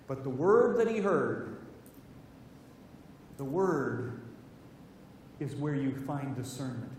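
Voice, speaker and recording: High-voiced preacher echoing from far off. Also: male voice, slow pace, long pauses, a little hiss or hum. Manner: animated storytelling, acting out characters' lines. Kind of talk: sermon. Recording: echoey hall, voice from far off.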